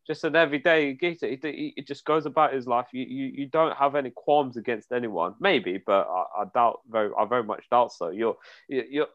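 Young man, excitable slangy banter, podcast co-host. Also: medium pitch, brisk, muffled recording. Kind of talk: casual podcast chat.

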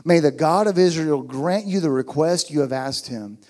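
A man voicing an old priest who slowly and gently gives a blessing, read aloud in a sermon. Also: a little high, lightly acted. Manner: slow, gentle.

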